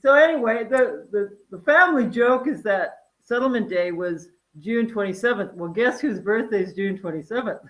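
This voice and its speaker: A woman in her fifties from North Dakota, a guest chatting casually about her wellness farm, animated and full of fillers and laughs. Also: medium pitch, moderate pace, few pauses, rough recording. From North Dakota, USA. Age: 50s. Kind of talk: casual interview chat.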